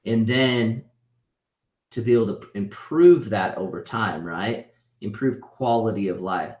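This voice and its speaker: A man in his thirties teaches a casual class over a video call, his voice sitting on the low side. He talks loosely and conversationally, checking in with his students by tagging points with "right?". The sound carries a roomy echo. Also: a little slow, darkish tone. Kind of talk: casual online class lecture.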